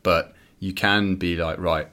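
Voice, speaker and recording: A man's voice: low voice, a little fast, a bit bright. A man chatting as a podcast guest, thoughtful and musing. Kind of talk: casual conversation.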